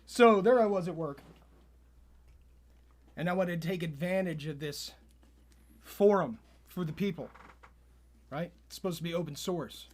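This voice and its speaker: A man co-hosting a podcast, telling an absurd story in a deadpan, straight-faced way. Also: high voice, a little slow, pauses often. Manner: deadpan, spins absurd tall tales with a straight face. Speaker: podcast co-host.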